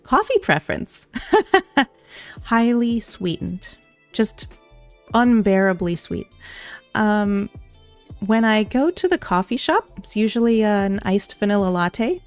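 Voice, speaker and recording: A young woman VTuber answers viewer questions casually on a livestream through a studio condenser mic, bubbly, giggly and self-deprecating. Her medium-pitched voice has lively intonation, slow delivery and frequent pauses, with no room sound and faint music behind.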